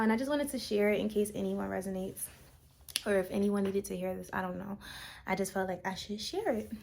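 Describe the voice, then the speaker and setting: A woman's voice: medium pitch, a little hiss or hum. A woman talking casually to her vlog audience, musing in a meandering, reflective way with fillers. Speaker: vlogger. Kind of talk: casual spiritual vlog talk.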